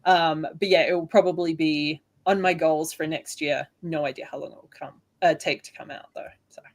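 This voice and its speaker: A woman's voice: low-pitched, steady tone, moderate pace. A woman from Australia with a subdued Adelaide accent, chatting as a guest author in an interview, often laughing and playing herself down. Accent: soft Australian (Adelaide). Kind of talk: casual interview chat.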